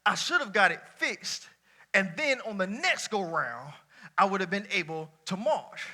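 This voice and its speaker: Pastor, man, high and very bright voice; loose colloquial sermon, swings from shouts to hushed asides. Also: measured pace. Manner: lively colloquial preaching, swinging between shouts and near-quiet asides. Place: church before a congregation.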